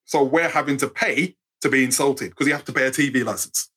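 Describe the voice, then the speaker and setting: A man in his fifties with an English accent, a guest telling animated stories in a casual interview. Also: mid-range voice, fairly quick, husky. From England. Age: 50s. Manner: animated, acts out voices in anecdotes. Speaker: guest storyteller.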